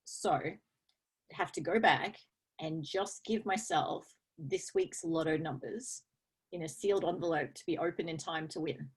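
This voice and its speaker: A woman in casual conversation as a guest, chatty and laughing often, with halting fillers. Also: deep voice, breathy edge.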